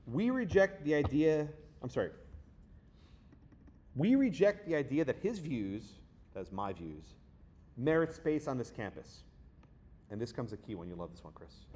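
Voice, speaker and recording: A man giving a lecture, telling a story with sarcasm and acting out the people he quotes. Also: medium pitch. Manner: animated, sarcastic, acts out quoted voices. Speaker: guest lecturer. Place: lecture hall.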